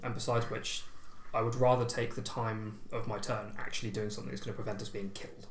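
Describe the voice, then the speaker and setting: A man playing a tabletop game, measured and reasoning aloud about his choices. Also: fairly low pitch, level tone, slight background noise. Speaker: player. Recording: echoey room with voices behind.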